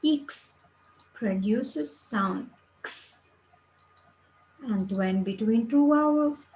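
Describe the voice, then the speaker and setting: A woman teaching Latin pronunciation, reading word lists slowly and explaining each letter's sound for medical students. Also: fairly high pitch, darkish tone, rough recording. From Kyrgyzstan. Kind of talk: slow reading practice lesson.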